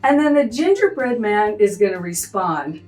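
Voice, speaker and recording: A woman's voice: mid-range voice, sing-song, normal speed, a little mellow, roomy sound, recorded from a distance. A woman music teacher walking through a lesson, acting out animal sounds as she explains. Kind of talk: teaching tutorial.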